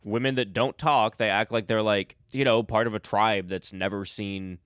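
A man's voice: fairly low pitch, steady tone, moderate pace, fairly bright tone, clear, resonant tone, no room sound. A man co-hosting a casual movie podcast, rambling and laughing, talking into a studio mic with headphones on. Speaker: podcast co-host.

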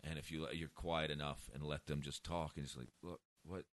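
A man's voice: very deep voice, little pitch movement, brisk, a bit bright, no room sound. A man who is a stand-up comedian, telling blunt, profane stories in casual chat. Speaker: comedian guest.

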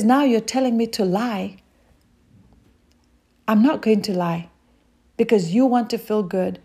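A woman's voice: medium pitch, dark tone. A woman preaching a sermon, reading scripture aloud and speaking directly to her listeners in an earnest way.

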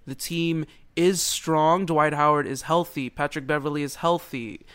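A man co-hosting a casual sports podcast, excitable and rambling, laughing often. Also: on the high side, measured pace, smooth. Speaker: podcast co-host.

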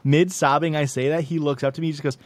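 A man's voice: a little high, steady tone, fast, dry recording. A young man co-hosting a podcast, telling rambling, self-deprecating stories in casual chat and laughing often. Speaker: podcast co-host.

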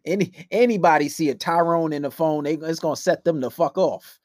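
A man giving blunt, profane dating advice in a casual monologue, swinging between loud outbursts and low mutters. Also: brisk, no echo, studio quality.

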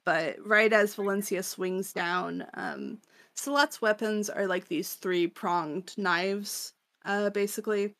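A woman's voice: mid-range voice, steady tone, slow pace, a bit bright, dry recording. A woman co-hosting a podcast, recapping a story in casual chat, laughing often and rambling with many fillers. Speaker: podcast co-host.

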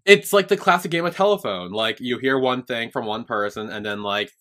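A young man on a podcast, chatting casually through an episode recap. His voice is bright and forward, with a middling pitch. He rambles, swears a lot, and slips into the characters' lines as he goes. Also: expressive, a little fast. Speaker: podcast co-host.

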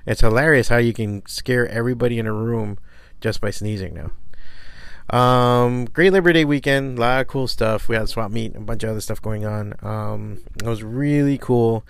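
A middle-aged man who owns a comic shop talks solo on his podcast from his studio, swearing freely, joking at his own expense and rambling. His mid-range voice is creaky and resonant at a moderate pace, recorded clearly with no echo.

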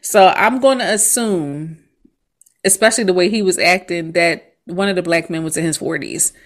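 A woman's voice: on the low side, moderate pace. Chatty woman telling a story, laughing. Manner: animated storytelling, laughs often. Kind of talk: casual chat.

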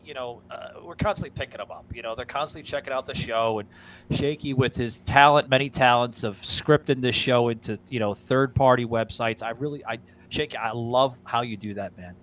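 A male podcast host in loose, rambling chat, tripping over his words and restarting sentences. His voice sits in an ordinary middle pitch. A faint hiss of background noise runs under his talk. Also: fairly bright tone. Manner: rambling, stammering, repeats words, swears while eating. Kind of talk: casual show chat with sponsor read.

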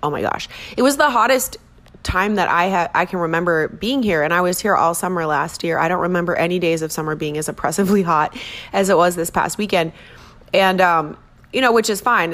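A woman's voice: on the low side, a bit bright. A woman from Minnesota hosting her own podcast, chatting casually in a rambling, self-deprecating way. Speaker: podcast host. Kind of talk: casual chat.

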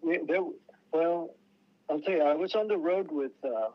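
With a voice on the high side and normal speed, a male musician tells stories in a casual interview, the highs cut off. He rambles, keeps restarting, and acts out the voices of people he quotes.

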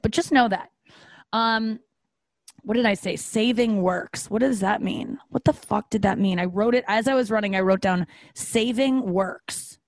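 A woman's voice: mid-range voice, no room sound. Candid, profane woman podcast host. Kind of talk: casual podcast monologue.

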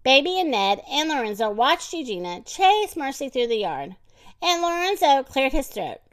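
A woman reading a children's storybook aloud, expressive and deliberate. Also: high voice. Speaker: narrator.

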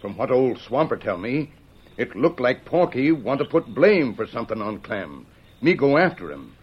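An actor playing a calm, loyal sidekick scout who speaks in clipped, broken phrases, on an old radio drama. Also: male voice, mid-range voice, moderate pace, breathy edge. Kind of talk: 1940s radio acting. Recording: muffled old radio recording.

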